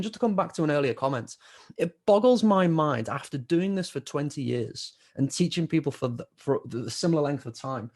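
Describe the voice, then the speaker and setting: A middle-aged man runs a live online trading class, talking in a loose, chatty way. His voice sits a little high, and he keeps repeating words and restarting his sentences. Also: darkish tone. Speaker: trading educator.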